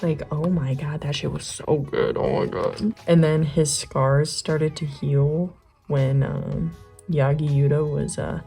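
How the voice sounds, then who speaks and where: A woman's voice: deep voice, little pitch movement, slow, mellow, breathy edge, soft background music. A young woman chatting casually while she draws, rambling with lots of fillers and slang. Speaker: art vlogger. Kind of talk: casual chat while drawing.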